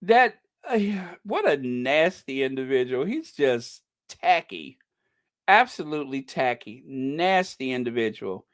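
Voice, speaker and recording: A man's voice: medium pitch, big pitch swings, measured pace, no echo, studio quality. A man hosting a casual commentary channel, reacting to news and posts in a gossipy, incredulous way and chuckling often.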